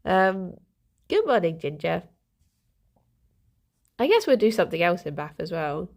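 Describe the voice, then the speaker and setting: Young woman, livestream chat, giggly, slow and gravelly. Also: fairly low pitch, big pitch swings, darkish tone. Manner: chatty and giggly, talking to her pet rabbits. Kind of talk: casual chat to a live audience. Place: home, with pet rabbits.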